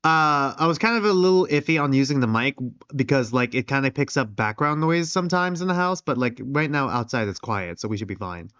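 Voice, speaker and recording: A man's voice: mid-range voice, animated, fairly quick, hardly any pauses, a bit bright, clear, resonant tone, dry recording, muffled recording. A man casually commenting and joking while streaming a game, thinking aloud. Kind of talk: live gameplay commentary and reading. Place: outdoors, quiet.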